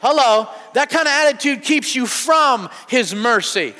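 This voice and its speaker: Fervent preacher man, high bright voice. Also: lively intonation, moderate pace, few pauses. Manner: fervent preaching with repeated amens. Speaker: pastor. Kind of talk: sermon. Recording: church hall reverb.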